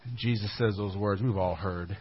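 A male pastor giving a sermon in a conversational way, dropping to a hushed low voice for emphasis. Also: moderate pace, breathy edge. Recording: dull lo-fi recording.

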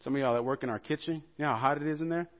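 A man preaching a sermon as pastor, telling the story with animated rhetorical questions to the congregation. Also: fairly high pitch, rapid-fire, lo-fi sound.

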